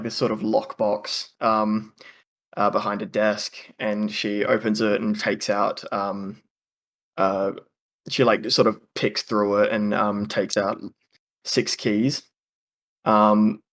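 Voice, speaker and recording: A man narrating a tabletop game as the game master, hesitant and full of fillers. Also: on the low side. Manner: hesitant, full of ums and likes.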